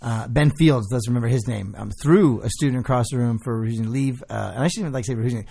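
Animated gravelly man co-hosting a podcast. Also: mid-range voice. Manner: animated, quick, laughs often. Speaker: podcast co-host. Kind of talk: casual chat.

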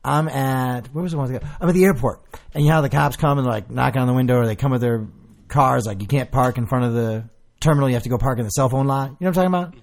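A man's voice: mid-range voice, fast talker, gravelly. A man co-hosting a casual podcast chat, telling stories with energy, acting out the quoted lines and swearing freely. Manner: animated storytelling, acts out quotes, swears freely. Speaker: podcast co-host.

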